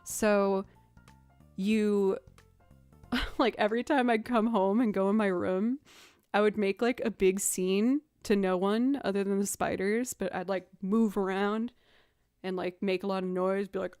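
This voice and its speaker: A woman's voice: medium pitch, a little slow, pauses often, darkish tone, dry recording, studio quality, soft background music. A woman streamer chatting casually on a livestream, telling stories with frequent laughs. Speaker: streamer and musician. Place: home streaming setup.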